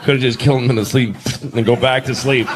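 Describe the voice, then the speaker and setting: A man performing a stand-up comedy set, telling stories deadpan and jumping into shouted voices. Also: mid-range voice, brisk, a loud crowd, heavy background noise. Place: comedy club stage with audience.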